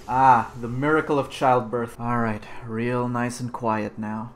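A young man giving loud, excitable, joking commentary while playing video games, swearing often. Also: medium pitch, unhurried, hardly any pauses, slight background noise. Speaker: gaming streamer. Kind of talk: casual gaming commentary. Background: game music.

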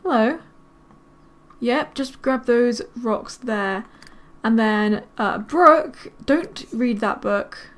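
A woman giving casual let's-play commentary, chatting to her game characters with quick excited exclamations. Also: fairly high pitch. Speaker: gaming video creator.

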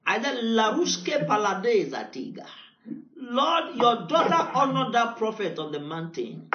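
High-pitched Nigerian preacher in an echoey hall. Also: male voice, big pitch swings, unhurried. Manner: storytelling, rising to shouted decrees. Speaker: pastor. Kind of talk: sermon. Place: church hall. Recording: echoey, dull church recording.

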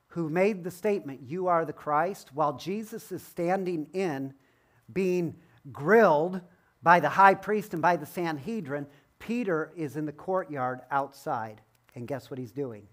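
A middle-aged male pastor delivers a sermon in a fairly high voice. He tells the story with energy, drops into quiet asides and wry jokes, and then lifts his voice again. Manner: animated storytelling with quick asides and wry humor.

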